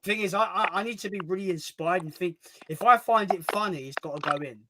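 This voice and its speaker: A man's voice: high-pitched, fast talker. Chatty sweary man over heavy noise. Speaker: stream co-host. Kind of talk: casual chat. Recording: loud background noise.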